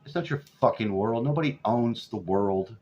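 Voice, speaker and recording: A man's voice: fairly low pitch, animated, normal speed, darkish tone. A man over forty, ranting profanely and sarcastically in a rambling vlog. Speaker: vlogger. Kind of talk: profane political rant. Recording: dull lo-fi audio.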